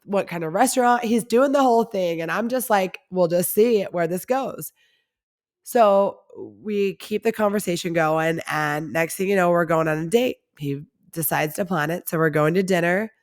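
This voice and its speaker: A woman hosting a podcast, telling stories about her own life in a loose, confessional chat. Her voice sits a little low, and she scatters casual filler words through her sentences. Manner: chatty and confessional, heavy use of "like". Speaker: podcast host. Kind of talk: candid storytelling monologue.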